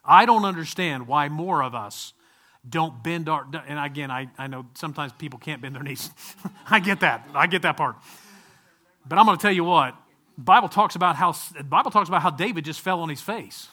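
A middle-aged man preaching a sermon in a conversational, animated way, with asides to his listeners. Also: fairly high pitch, fairly quick.

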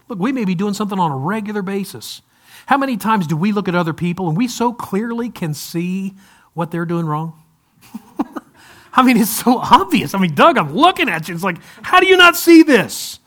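A man with a fairly high-pitched voice preaches to his congregation. His delivery is loose and conversational, with light humor and frequent restarts. His service is also streamed to viewers at home. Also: very animated, a little fast, a bit bright. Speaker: pastor. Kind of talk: sermon.

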